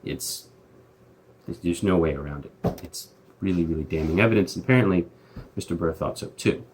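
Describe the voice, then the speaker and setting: A man's voice: deep voice, normal speed, darkish tone, slight background noise. A man hosting a casual Bible commentary, talking in a chatty, slangy way with lots of fillers and restarts. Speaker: host.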